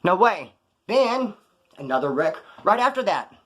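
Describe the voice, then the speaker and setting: This Californian man's voice sits high, and he takes his time. Speaking straight to camera, he spins relaxed, slang-heavy stories from prison, animatedly performing what other people said.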